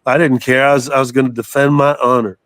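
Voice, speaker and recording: An older man telling a story as an interview guest, animated, swearing freely and laughing as he goes. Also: mid-range voice, fast talker, dry recording. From southern United States. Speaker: guest musician.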